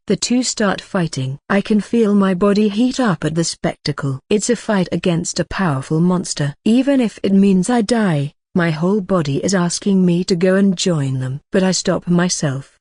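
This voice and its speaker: Brief: woman audiobook narrator, lowish voice, lively, acts out sound effects, dry close sound. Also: moderate pace, hardly any pauses, no echo. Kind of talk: first-person audiobook narration.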